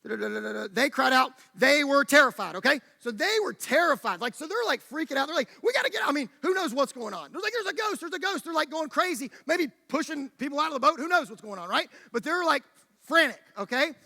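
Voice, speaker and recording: A man with a very high, bright voice delivers a lively sermon, acting out the story as he goes. The sound rings with the long reverb of a church hall. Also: fast, vocal fry. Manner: animated storytelling, acting out the scene. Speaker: preacher.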